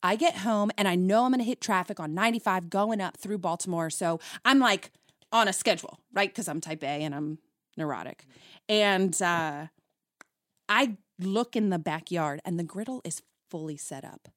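A woman's voice: lowish voice, moderate pace, dry recording. A woman chatting on a relationship podcast, telling a story with lots of back-and-forth voices for herself and her partner. The sound is close and dry, with no room behind it. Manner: animated storyteller acting out both sides of arguments. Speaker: podcast co-host. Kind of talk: casual chat about relationships.

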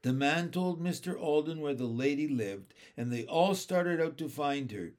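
A man reading a children's book aloud in a steady, clear storytelling manner. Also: a little high, moderate pace. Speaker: reader.

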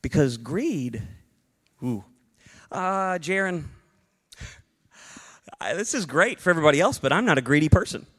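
A man in his thirties preaching a sermon as a pastor, animated and acting out little dialogue bits. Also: fairly high pitch, a little slow, long pauses.

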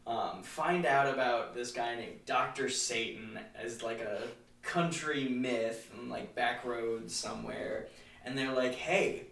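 A man's voice: medium pitch, steady tone, takes it slowly, vocal fry, a bit bright. A man co-hosting a casual film review podcast, speaking in a dry, laid-back way. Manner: dry, laid-back, short agreeing replies. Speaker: podcast co-host. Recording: roomy, distant from the mic.

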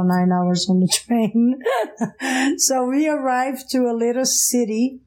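Portuguese-accented woman guest, middle-aged, animated storyteller, mellow warm tone. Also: medium pitch, rough recording. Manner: animated, laughs often, acts out voices. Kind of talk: casual storytelling.

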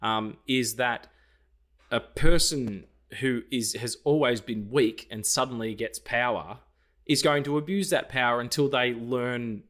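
A man with a mid-range voice co-hosts a podcast, chatting casually about a film at a measured pace. He retells it in an animated way, acting out lines and swearing freely.

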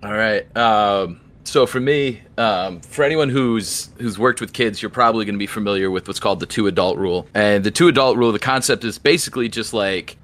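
A young man co-hosting a podcast, telling stories in a casual, animated way and acting out the dialogue. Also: on the low side, brisk, a little hiss or hum. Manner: animated storyteller, acts out dialogue. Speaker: podcast co-host. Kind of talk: casual chat.

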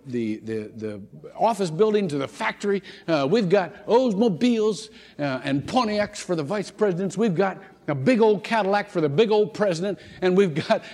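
A man's voice: high-pitched, a little mellow. A man voicing an eager, boastful young male clerk at a company motor pool, in a reverberant hall.

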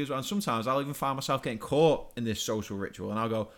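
Fast-talking ranting man. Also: medium pitch, a bit bright. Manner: exasperated, ranting, stammers and repeats words. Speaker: podcast co-host. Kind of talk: casual comedic rant.

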